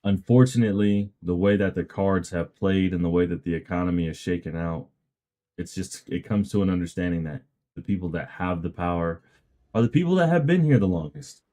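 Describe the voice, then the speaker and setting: A man's voice: deep voice, brisk, dark tone. A man in casual chat on a stream, speaking in an earnest, reflective way. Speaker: guest in chat.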